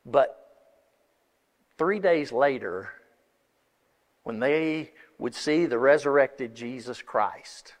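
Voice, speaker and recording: A man's voice: medium pitch, slow pace, long pauses. Man preaching in a reverberant hall. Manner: impassioned, rising to emphatic peaks with frequent restarts. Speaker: pastor. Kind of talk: sermon. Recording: long reverb of a large hall.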